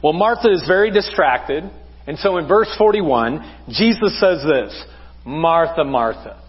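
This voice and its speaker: A man's voice: high-pitched, lively intonation, unhurried, breathy edge, big-room sound, lo-fi sound. A man preaching a conversational sermon as pastor, asking the congregation rhetorical questions. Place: church sanctuary.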